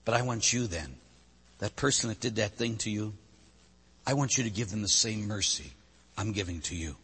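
A man voicing God the Father as a gentle, grieving father, speaking softly and low. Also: a little fast, husky, big-room sound, exaggerated voice. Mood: tender. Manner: soft, low and hushed.

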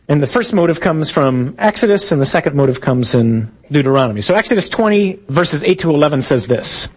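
A man's voice: mid-range voice, expressive, a little fast, few pauses, husky, low-quality recording. A man, a priest, giving a conversational sermon with jokey asides and told stories.

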